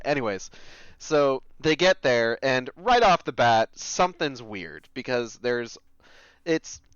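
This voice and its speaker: A man with a Boston accent chats as a podcast guest, easygoing and prone to long tangents. His voice is smooth and resonant at a middle pitch. The call audio is dry and a little dull, with no room around it. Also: a bit bright, no room sound. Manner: laid-back, tangent-prone storytelling. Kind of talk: casual chat.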